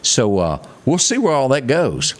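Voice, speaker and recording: A man's voice: mid-range voice, wildly swooping pitch, unhurried. A man co-hosting a morning show, reading headlines in a folksy, chatty way with asides. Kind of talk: casual news chat.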